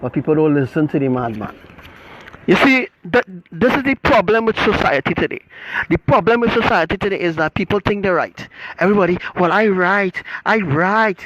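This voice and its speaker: A middle-aged man, preaching in a forceful, repetitive livestream rant that keeps asking "right?". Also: high-pitched, very animated, brisk, no room sound, dull audio. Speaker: self-styled religious teacher.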